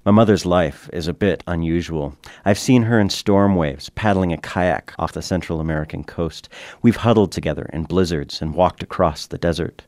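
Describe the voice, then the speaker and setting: A man, a radio commentator, reading a reflective personal essay in a measured, quiet storytelling manner. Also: sits low, no room sound.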